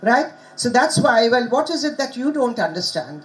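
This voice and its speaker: Lively woman lecturing. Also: fairly high pitch, a little fast, rough recording. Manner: lively, teasing, asks questions. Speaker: conference speaker. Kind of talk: lecture to students. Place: conference hall.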